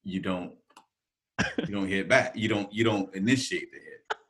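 A man's voice: low-pitched, moderate pace. A middle-aged man, a podcast co-host, telling family stories in casual chat and laughing often. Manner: animated storyteller, laughs often.

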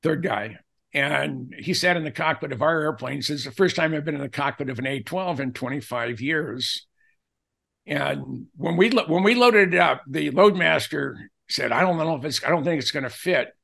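An older man telling personal anecdotes as a podcast guest, acting out the dialogue he quotes in an animated way. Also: on the high side, moderate pace, vocal fry. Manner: animated storyteller who acts out quoted dialogue.

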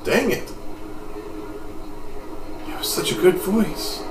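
A man's voice: sits high, lively intonation, slow, noisy background. A man casually narrating a video game playthrough, self-mocking about his character voices. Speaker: let's play commentator. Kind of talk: game playthrough commentary with voice acting. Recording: roomy echo, game music behind.

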